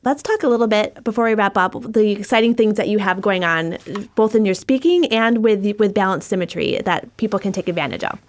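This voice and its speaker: A woman's voice: medium pitch, animated, brisk, few pauses. Affirming woman podcast host. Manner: affirming, conversational, sets up questions at length. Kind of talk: podcast interview conversation.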